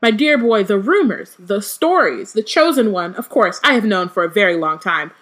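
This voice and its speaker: A woman's voice: medium pitch, animated, moderate pace, a bit bright. A woman voicing a theatrical, grumbling old female seer as she reads aloud from a book. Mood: mysterious.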